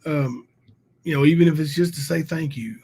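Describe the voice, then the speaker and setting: Male livestream host, high and gravelly, in heated casual chat. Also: normal speed, a little mellow, slight background noise. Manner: heated, ranting, reads out viewer names.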